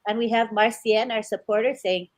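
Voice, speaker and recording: A woman hosting a live webinar, reading viewer comments aloud in an upbeat, steady way. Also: fairly high pitch, moderate pace.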